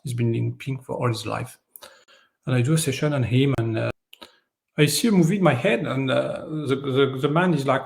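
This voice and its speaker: Guy w french as first language, kinda gravelly, telling stories and doing the voices of people in them. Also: mid-range voice, brisk. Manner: animated storyteller, acts out voices in his stories. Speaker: guest, energy healer. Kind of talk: storytelling in an interview.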